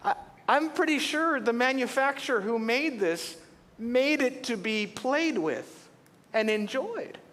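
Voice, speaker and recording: A man's voice: very high-pitched, expressive, unhurried, fairly bright tone. A middle-aged man preaching a sermon in a church, telling stories with humor and animation. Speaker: pastor. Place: church auditorium. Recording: long church hall reverb.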